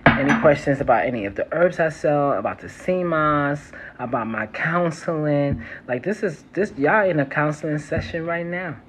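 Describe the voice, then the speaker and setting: A New York herbalist with a New York accent chats casually on a phone live stream from her city home near a train line, laughing often and calling viewers "y'all." Her voice is medium-pitched at a normal speed. The slightly muffled recording picks up faint trains and street sounds.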